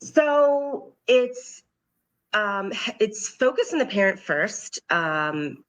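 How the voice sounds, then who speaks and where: A woman's voice: medium pitch, very animated, drawn-out words. A middle-aged woman, a parent coach, talking earnestly and reflectively in a podcast interview, often quoting what she says to her children. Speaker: guest, parent coach and occupational therapist.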